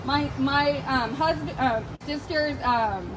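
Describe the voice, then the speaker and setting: High-voiced woman venting to police outdoors. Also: slow, noisy background. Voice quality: profane, emphatic storytelling. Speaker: complainant talking to police. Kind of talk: heated retelling of a dispute. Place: outdoors at a gas station.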